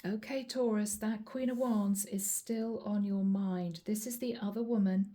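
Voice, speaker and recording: A woman's voice: mid-range voice, steady tone, measured pace, dark tone. A woman reading tarot cards to camera in a chatty way, calling her viewers guys. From Europe. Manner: chatty, addresses viewers as guys, acts out quoted lines. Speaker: tarot reader.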